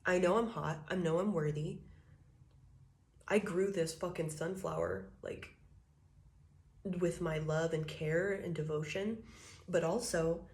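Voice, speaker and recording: A confident tarot-card queen, as a woman puts her on, brags with crude swagger and no worry at all. The voice sits a bit low and stays self-assured. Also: slow, long pauses, a little mellow.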